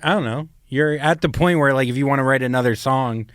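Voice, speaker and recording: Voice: medium pitch, a little fast. A podcast co-host joking crudely in casual banter. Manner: crude jokes, lively banter. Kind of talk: casual chat.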